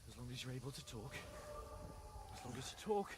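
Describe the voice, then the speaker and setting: An actor playing an anxious young male companion in a game, speaking in an urgent, brisk, rallying way. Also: mid-range voice, expressive, crowd noise, close to an everyday voice. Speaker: game character. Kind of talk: scripted game dialogue.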